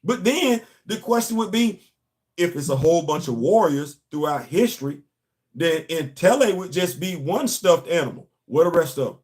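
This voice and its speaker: A man's voice: on the high side, lively intonation, moderate pace, a little mellow. A man hosting a comics commentary show, ranting emphatically and repeating himself. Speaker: host. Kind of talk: casual commentary.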